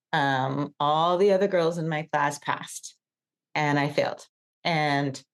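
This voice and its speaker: A middle-aged woman on a podcast, telling a personal story in a casual, animated way with many fillers. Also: sits low. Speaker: podcast co-host.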